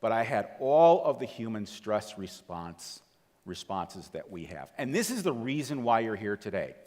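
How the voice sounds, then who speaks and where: Animated man telling a story in a reverberant hall. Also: fairly low pitch, normal speed. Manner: animated storytelling, acts out quoted voices, asks the audience questions. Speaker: TEDx speaker. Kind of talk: storytelling talk to a live audience. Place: large auditorium.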